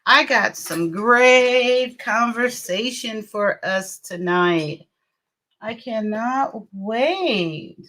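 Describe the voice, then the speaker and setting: A woman's voice: on the high side, very slow, sharp tone. A middle-aged woman hosting a casual livestream, chatting and greeting viewers by name with frequent laughs. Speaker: livestream host.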